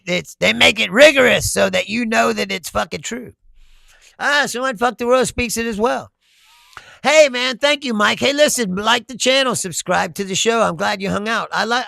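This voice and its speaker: A man's voice: a little high, vocal fry, fairly bright tone, dry recording, clean studio sound. An American man hosting a casual political livestream, reading chat comments aloud, swearing freely and laughing often. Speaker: livestream host.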